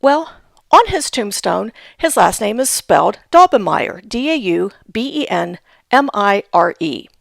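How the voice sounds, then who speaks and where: Woman teaching with a gravelly voice. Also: mid-range voice, big pitch swings, a little slow, dry recording, studio quality. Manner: patient, spells out names letter by letter. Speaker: genealogy instructor. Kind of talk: instructional talk.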